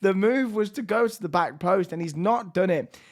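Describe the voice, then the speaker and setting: Excitable man with a strained voice. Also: high voice, normal speed. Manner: lively, shifts between hushed and excited. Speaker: gaming YouTuber. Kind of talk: excited game commentary.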